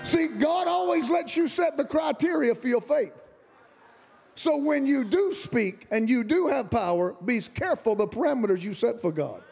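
Gravelly high-pitched shouting preacher. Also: male voice, expressive, moderate pace, faint music behind. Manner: shouting, colloquial, Southern-style preaching with rising emphasis. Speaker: guest pastor. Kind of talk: fiery preaching sermon. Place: large camp meeting venue.

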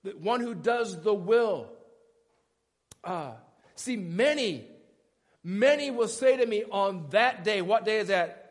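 A man's voice: sits high, animated, slow, long pauses. A male pastor preaching a sermon in a conversational, emphatic way, often stopping to ask questions. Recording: echoey church hall.

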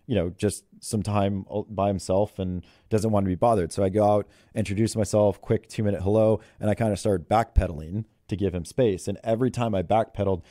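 A man's voice: on the low side, warm tone, no room sound, clean studio sound. A man who is a head golf coach, telling stories in an interview in a chatty way and laughing often. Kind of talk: interview storytelling.

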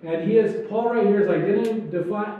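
A man's voice: sits high, normal speed. A man preaching a sermon as pastor, in a loose, joking style with acted-out asides. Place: church sanctuary. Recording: echoey church hall, distant dull mic.

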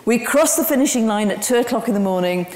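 A woman speaks as a guest lecturer and tells her story with lively energy and many ums. Her voice carries through a large room with a long, ringing echo. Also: a little high, fast talker. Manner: animated storytelling with frequent ums. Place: lecture hall. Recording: roomy hall with long reverb.

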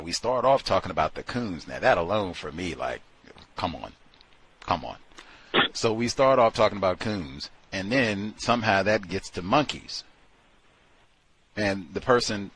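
Husky low-voiced man hosting a talk show. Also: a bit bright. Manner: rambling, emphatic, repeats himself, acts out quoted people. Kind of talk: casual commentary on a call-in show.

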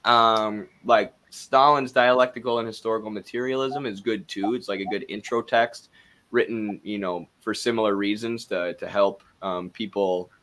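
A man with a Wisconsin accent talks casually as a co-host. His voice sits a little low, and his speech is loose and chatty, full of fillers. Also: fairly even intonation, moderate pace, a bit bright. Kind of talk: casual discussion.

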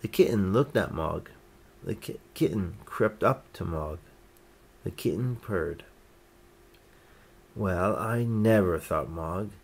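A man reading a children's picture book aloud, gently lifting his voice for each character's lines. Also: sits low, slow pace, creaky, pauses often, breathy edge. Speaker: storyteller.

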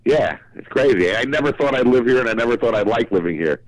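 An older man calling in, chatting in a jolly, self-mocking way with quick asides. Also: mid-range voice, lively intonation, dry recording, low-quality recording. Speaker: caller, working comedian. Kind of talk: casual phone chat.

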